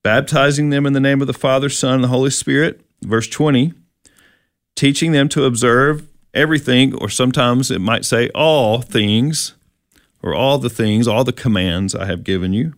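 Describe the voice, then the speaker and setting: A man's voice: medium pitch, moderate pace, dry recording, clean studio sound. Man teaching Bible verses in casual chat. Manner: explanatory, with many fillers and restarts. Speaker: co-host.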